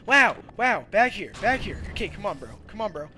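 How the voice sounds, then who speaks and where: A young man giving loud, goofy commentary while playing a video game, with sudden shouted outbursts. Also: sits high, big pitch swings, brisk, a little hiss or hum. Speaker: let's play gamer. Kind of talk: energetic gameplay commentary.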